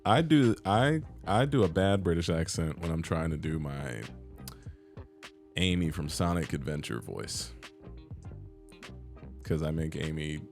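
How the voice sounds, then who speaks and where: A man co-hosting a casual podcast, joking around and breaking into loud laughs. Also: very deep voice, expressive, unhurried, pauses often, faint music behind. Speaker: podcast co-host. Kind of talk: casual chat.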